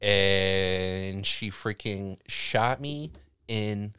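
A man's voice: fairly low pitch, extremely slow, pushed and bright, clean tone, no echo, studio quality. A man co-hosting a podcast, a father telling self-mocking stories in casual chat. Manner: laughing, self-mocking storyteller.

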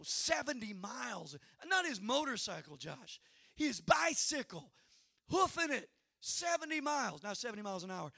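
A middle-aged man preaching a sermon to a church congregation. He moves between quiet, conversational asides and loud, shouted climaxes. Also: very high-pitched. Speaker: pastor. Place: church sanctuary.

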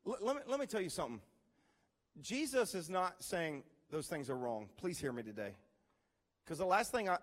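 High-voiced man preaching a lively sermon. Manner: animated storyteller imitating beeping sounds; swings between loud emphasis and hushed asides. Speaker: pastor.

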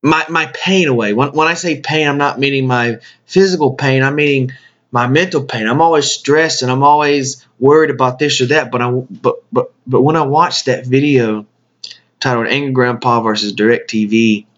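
A man hosting a podcast, speaking a casual tribute monologue in a halting way, often repeating his words. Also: mid-range voice, fairly even intonation, fairly bright tone. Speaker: podcast host. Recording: dull lo-fi sound.

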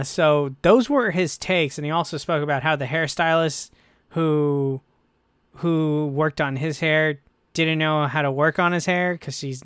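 A man hosting a casual podcast discussion, animated and chatty, breaking into playful voices when quoting others. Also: fairly high pitch, clean tone, dry recording, clean studio sound. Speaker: podcast host.

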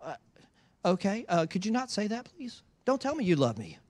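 This pastor's sermon mixes animated storytelling with teasing fun. His voice sits high at a normal speed, and there's no room sound on the recording.

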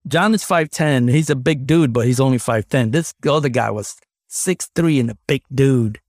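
A man's voice: mid-range voice, normal speed, no room sound, studio quality. A man co-hosting a podcast, telling a story in casual chat with many restarts and some swearing. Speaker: podcast co-host.

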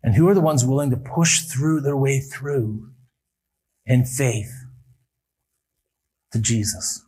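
A male pastor preaching a sermon at a church service, building emphatic appeals that rise and then drop quietly. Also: medium pitch, takes it slowly, breathy edge, rough recording.

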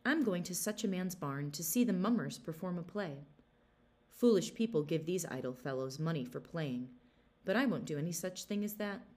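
A woman voicing a stingy, gruff old farmer in a storybook reading. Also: lowish voice, expressive, moderate pace, a little mellow, close to an everyday voice. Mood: scheming. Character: stingy grumbling old male farmer, a miser.

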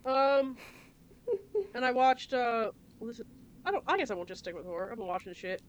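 A woman's voice: a little high, a little fast, muffled recording, a little hiss or hum. A woman co-hosting a podcast in casual chat, laughing often and swearing casually. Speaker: podcast co-host.

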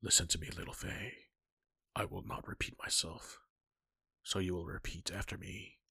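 A man voicing a stern, gruff older warrior god in a fan-fiction reading, with a low, half-whispered delivery. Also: fairly even intonation, normal speed, sharp tone, no echo, studio quality, heavily acted. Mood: commanding.

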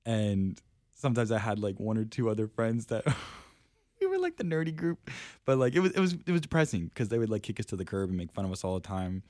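A man's voice: lowish voice, wildly swooping pitch, fairly quick, darkish tone, no echo, clean studio sound. A young man on a faith podcast, telling personal stories in a casual, self-deprecating way and laughing often. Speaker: podcast guest. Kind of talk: casual storytelling chat.

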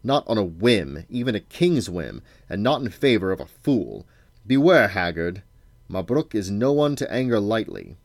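Dad voicing proud menacing old wizard, deep low voice, dry close read. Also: male voice, animated, normal speed, no echo. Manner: cold, threatening and scornful.

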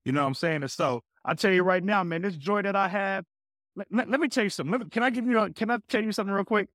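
A man guesting on a podcast, telling a personal faith story with an energetic, preacher-like delivery. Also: sits high, rapid-fire, dry recording, studio quality. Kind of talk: casual faith talk.

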